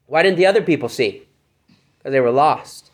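A man's voice: on the high side, expressive, fairly quick. A male pastor teaching a Bible study, reading passages aloud and asking rhetorical questions. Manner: reads scripture aloud and asks rhetorical questions.

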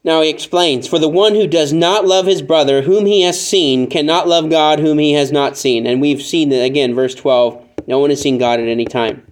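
Guy preaching a sermon, kinda high voice, chatty, jokes around and acts out little scenes. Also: normal speed, hardly any pauses. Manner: conversational, joking asides, animated when acting out examples. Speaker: pastor.

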